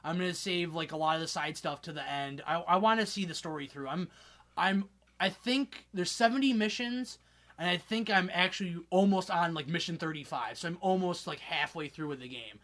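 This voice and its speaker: A man's voice: a little high, normal speed, a bit bright. A young man hosting a casual gaming podcast, rambling, swearing casually and laughing often. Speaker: podcast host. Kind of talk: casual chat.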